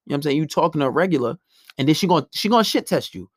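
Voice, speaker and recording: A man's voice: fairly high pitch, expressive, racing, dry recording, clean studio sound. A young man talking bluntly and brashly in a casual monologue, acting out quotes as he tells stories.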